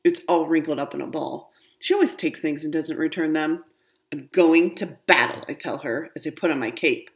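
A woman reading a children's storybook aloud in an animated, expressive way. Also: deep voice, a little fast, few pauses. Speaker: reader.

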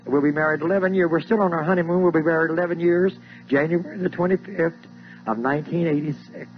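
Older man, high-pitched, fervent church testimony, lo-fi 1980s tape. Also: fairly even intonation, fast, faint music behind. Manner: fervent, preacherly, repeats lines, voice rises to high cries.

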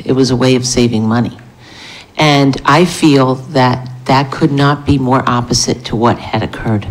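A woman's voice: rumbling low, a little mellow, rough recording. A woman speaking as a member of the public at a city committee meeting, making a pointed, critical argument backed by numbers. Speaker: member of the public giving comment. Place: city council meeting room.

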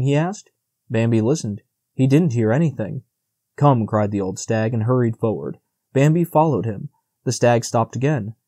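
A man reading a storybook audiobook in a calm, measured narration. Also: medium pitch, no room sound, clean studio sound. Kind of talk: scripted narration.

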